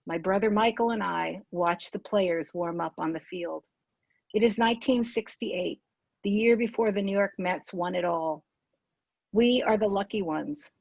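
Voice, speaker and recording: A woman in her sixties reads from her own memoir at a calm, even pace and stops to fix the odd misread word. The sound is dry and close, with a slightly dull, lo-fi tone. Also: mid-range voice, dry recording. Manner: measured, unhurried reading with small self-corrections. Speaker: author.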